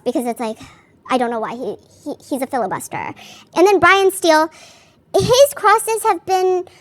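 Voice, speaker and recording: Woman, high voice, podcast host, casual chatty delivery, lots of fillers. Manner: chatty, frequent "like" fillers, candid swearing. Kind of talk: casual commentary on a court case.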